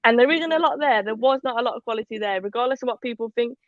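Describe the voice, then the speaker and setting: A woman co-hosting a casual live football talk show, chatty and animated, reading out viewer comments. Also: a little high, quick pace, no echo, highs cut off. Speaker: podcast co-host.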